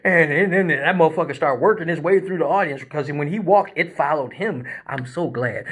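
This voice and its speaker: Profane animated male storyteller, bright voice. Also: fairly high pitch, a little fast, few pauses, husky. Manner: profane, animated storyteller who acts out the other people in his stories. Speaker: live show host and male exotic dancer. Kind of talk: casual storytelling on a live stream.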